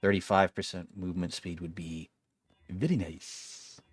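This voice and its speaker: A man's voice: low voice, fairly even intonation, a little slow, slightly rough, dry recording. A young man giving casual gameplay commentary, wry and complaining, swearing freely as he plays. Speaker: gaming video creator.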